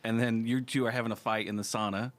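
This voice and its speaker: A man's voice: on the low side, steady tone, fast. A man hosting a comedy podcast, chatting casually and quizzing his guests. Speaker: podcast host.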